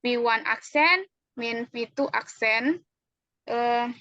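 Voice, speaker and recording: A woman's voice: a little high, slow pace, pushed and bright, no echo. A young woman with an Indonesian accent explaining physics formulas carefully in a classroom manner, with frequent hesitations. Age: young adult. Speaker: university student acting as physics teacher. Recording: dry, dull lo-fi sound.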